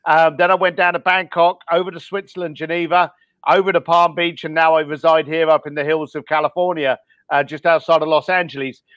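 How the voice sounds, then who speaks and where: A man's voice: on the high side, flat delivery, brisk, no echo, lo-fi sound. A middle-aged man from East London with a mixed, worn-down East London accent, speaking candidly as a podcast guest, blunt and peppered with ums and the odd swear word. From East London, England. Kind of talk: casual podcast interview.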